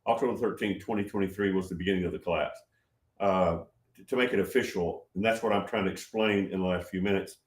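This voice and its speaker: A man in his seventies hosting a casual livestream, reading viewer comments and answering them, getting loud and excited with many restarts. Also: deep voice, quick pace, reverberant. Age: 70s. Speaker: livestream host answering chat.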